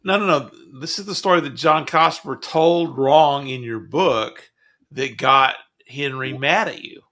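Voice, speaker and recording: A man in casual talk-show chat, cutting in quickly with corrections. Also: medium pitch, bright, forceful tone. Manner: quick, interjecting.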